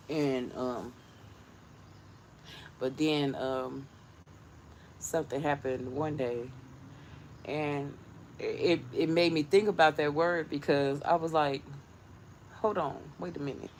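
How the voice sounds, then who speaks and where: Woman vlogger, lowish voice, chatty and rambling, laughs a lot, recorded in her garden with faint traffic behind. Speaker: vlogger talking to viewers. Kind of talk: casual storytelling chat. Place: outdoors in a home garden.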